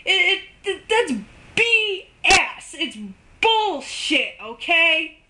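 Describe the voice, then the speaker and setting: A woman's voice: very high voice, very animated, very slow, background noise. A woman delivering an unscripted rant to camera for her video channel. She sounds exasperated and emphatic, and she tags her points with "okay?" and "all right?". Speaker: video ranter.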